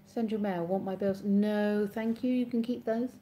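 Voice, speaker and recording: On a live stream, a woman from Oxfordshire, England, with an English accent reads viewer comments aloud in casual chat, rambling and correcting herself as she replies. Her voice is medium-pitched, steady and dark, at a moderate pace, with slight background noise.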